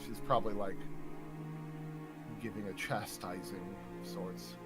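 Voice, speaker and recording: A man playing a tabletop game, speaking politely and haltingly and turning quiet when he speaks as his character. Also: low voice, fairly even intonation, over loud music. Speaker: player. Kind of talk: casual chat.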